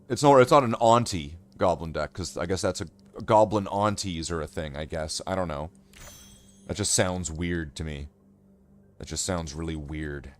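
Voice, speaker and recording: A man with a fairly low voice gives casual commentary while playing a card game. He rambles, talks himself in circles and keeps trailing off into quiet mutters. Faint music plays under his voice. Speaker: streamer.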